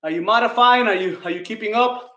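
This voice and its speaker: A man's voice: sits high, fast talker, sharp tone, echoey room, muffled recording. A man leading a live online kettlebell class, counting reps and giving coaching cues while out of breath. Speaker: fitness coach.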